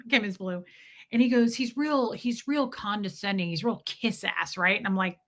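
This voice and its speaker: A woman casually telling her own story to a live chat, swearing and quoting others as she goes. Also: medium pitch. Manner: profane, animated, quotes others in dialogue.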